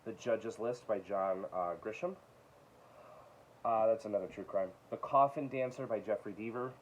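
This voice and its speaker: A man with a low voice runs through his latest book haul in a relaxed, chatty way, reading off titles and tossing in quick asides. The sound is dull and lo-fi, with a faint hiss underneath. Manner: reads titles aloud with quick asides, chuckles. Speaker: book collector vlogger. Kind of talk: casual show-and-tell of books.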